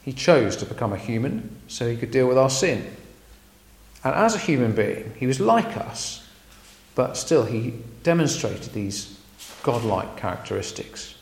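A man preaches in an animated voice that rises and falls for emphasis. His voice has a gravelly edge, and the room rings with echo. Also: mid-range voice, measured pace. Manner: lively, emphatic, frequent ums. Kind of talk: sermon. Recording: echoey room.

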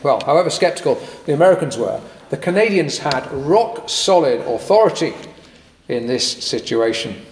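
A man preaching a sermon in a lively, conversational way with occasional fillers and jokey asides. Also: fairly high pitch, normal speed, background noise. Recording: echoey hall with long reverb.

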